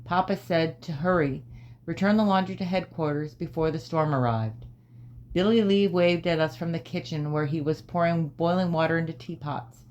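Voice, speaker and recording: A woman calmly narrating a storybook as an audiobook reader, in a measured way. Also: low voice.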